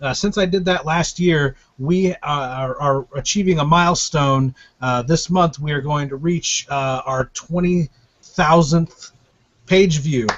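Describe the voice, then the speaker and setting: An American man hosts a live webcam stream, rambling with many fillers and casual swearing. His voice sits fairly high, and the audio is dull and lo-fi. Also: measured pace. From United States. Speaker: host and publisher.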